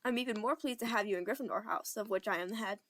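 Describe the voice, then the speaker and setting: A woman's voice: medium pitch, fast, fairly bright tone, close to an everyday voice. Young woman doing a prim Scottish professor. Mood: prim, stern. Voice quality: reedy, clipped and prim. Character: stern older woman professor, strict but kind. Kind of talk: amateur audiobook reading.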